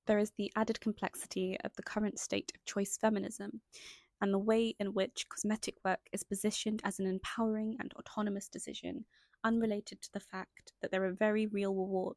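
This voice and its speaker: A young woman narrates a scripted video essay in a mid-pitched voice with heavy vocal fry. She reads her points steadily, then drifts into chatty, self-conscious asides. The sound is close and dry. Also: level tone, a little fast, a little mellow, no room sound. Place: indoors at home, lighting changing.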